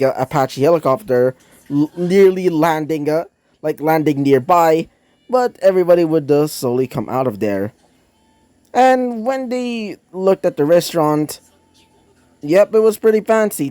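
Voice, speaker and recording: A man's voice: fairly high pitch, dark tone, no echo. A man reading his own fan fiction aloud in a casual, rambling way, with many fillers and self-corrections. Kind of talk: casual storytelling narration.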